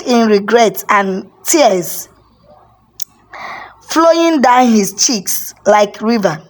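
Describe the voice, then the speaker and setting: A woman narrating a folk tale in a measured, dramatic way. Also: a little high, expressive. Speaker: storyteller.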